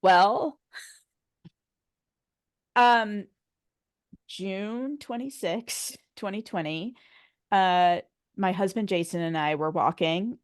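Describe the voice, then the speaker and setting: A woman's voice: medium pitch, takes it slowly, pauses often, clear, resonant tone, no echo, studio quality. A woman in her forties, a podcast guest telling a personal story in a conversational way, acting out what others said and laughing often. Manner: animated storyteller, acts out quoted dialogue, laughs often.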